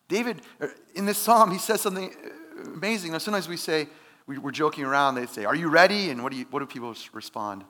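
A man's voice: a little high, fairly bright tone. A man preaching a sermon in an earnest, conversational way, with emphatic rises. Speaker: pastor.

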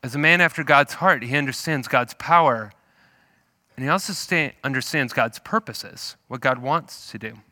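Forceful, animated male preacher. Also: medium pitch, normal speed, no echo, clean studio sound. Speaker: pastor. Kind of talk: sermon.

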